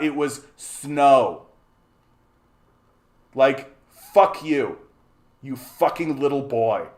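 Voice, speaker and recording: A man from Canada hosting a livestream, ranting angrily at his chat, mocking and swearing, often repeating and stumbling over words. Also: on the high side. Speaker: livestream host. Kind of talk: angry rant to a live chat.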